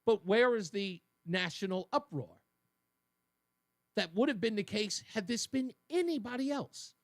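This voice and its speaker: In a clean, dry studio recording, a male talk radio host argues his opinion forcefully. His monologue is emphatic, rising loud and then dropping low.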